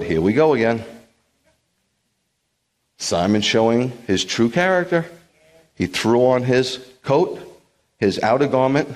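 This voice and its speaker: A man serving as a rabbi, giving an animated sermon with joking asides and acted-out quotes. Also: lowish voice. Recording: long hall reverb.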